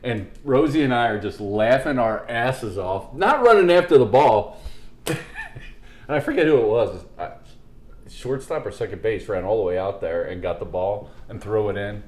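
A man's voice: lowish voice, animated, normal speed, darkish tone. A man co-hosting a podcast, telling old team stories in a laid-back way, swearing freely and laughing at his own tales. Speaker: podcast co-host. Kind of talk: casual chat. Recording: echoey room with faint background noise.

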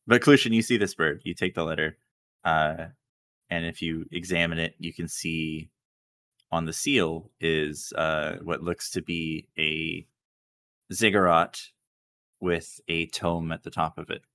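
A man narrates a tabletop game as its game master, speaking over a video call. His voice sits very low and he takes his time, pausing with fillers and chuckling between beats. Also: fairly even intonation, sharp tone.

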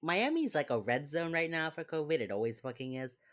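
A woman's voice: deep voice, big pitch swings, fairly quick. A young woman co-hosting a podcast, recapping a TV episode in casual chat, full of fillers and laughing as she acts out the characters' lines. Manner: chatty, lots of fillers, acts out quotes with laughs.

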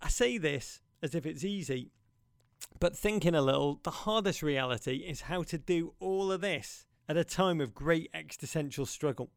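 A man delivers a podcast monologue with theatrical passion and playful asides. His voice sits a little high and rings smooth and clear. The sound is dry and close. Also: moderate pace, no room sound. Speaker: podcast host.

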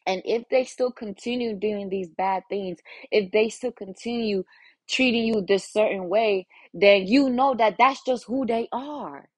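Young woman ranting on her own podcast, swears a lot, close dry mic, middle pitch. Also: no room sound. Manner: frank and profane, acts out her own inner voice. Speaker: podcast host. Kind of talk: casual solo podcast talk.

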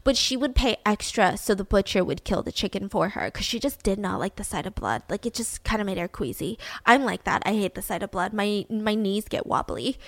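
A woman's voice: mid-range voice, expressive, brisk, few pauses, dry recording. A woman hosting a podcast who tells a true-crime story in a casual, chatty way, often saying "like" and swearing now and then. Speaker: podcast host.

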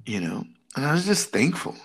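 This is a middle-aged man telling a story in easy, casual chat. His voice sits in an ordinary middle range. He acts out the people in his story with lively quoted voices. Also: medium pitch, fairly quick, creaky.

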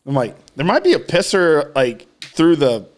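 A man's voice: a little high, sing-song, normal speed. A man telling a rambling, profane story in casual chat as a podcast co-host. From Austin, Texas area.

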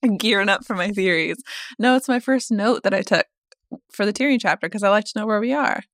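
A woman co-hosting a podcast in casual book-discussion chat, talkative and quick to laugh. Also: medium pitch, no echo, clean studio sound. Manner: chatty, laughs easily. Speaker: podcast co-host.

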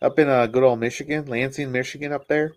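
A man co-hosting a sports podcast in casual chat, loud and swearing, asking a lot of questions. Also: mid-range voice, fairly even intonation, quick pace, crowd noise. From Spokane area, Washington. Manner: loud, swearing, laughing, asks lots of questions. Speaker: podcast co-host.

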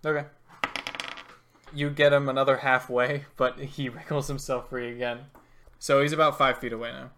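A man's voice: mid-range voice, little pitch movement, normal speed, long pauses, a bit bright. A man running a tabletop game as game master, narrating the action in a laid-back way and chuckling often.

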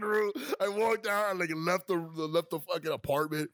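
A man's voice: a little high, moderate pace, dry recording, clean studio sound. A young man from New York, a podcast co-host telling a family story in casual chat, swearing freely and acting out what people said. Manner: animated, swearing, acts out quotes.

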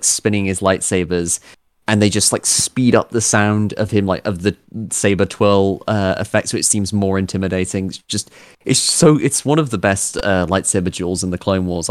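A man's voice: fairly low pitch, no room sound, studio quality. A man co-hosting a podcast, eagerly describing scenes in casual chat with many fillers. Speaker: podcast co-host. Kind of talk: casual chat reviewing an episode.

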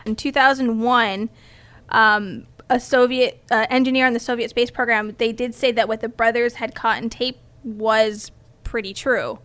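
Slightly high-voiced woman rambling through a story on a podcast, lots of ums. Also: steady tone, normal speed, fairly bright tone. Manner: explains step by step with many ums and restarts. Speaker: podcast co-host presenting the story. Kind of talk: casual chat.

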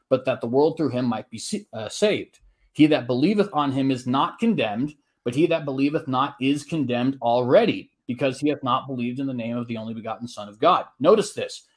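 A man making his case in a formal debate, earnest and argumentative, quoting scripture at length and often checking in with a quick tag question. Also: mid-range voice, husky. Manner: frequent tag questions and "uh" restarts.

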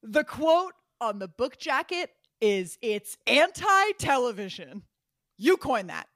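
A woman's voice: a little high, big pitch swings, takes it slowly, fairly bright tone, no room sound, studio quality. A woman co-hosting a podcast, recapping a TV episode in a profane, riffing, casual comedic chat. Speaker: podcast co-host.

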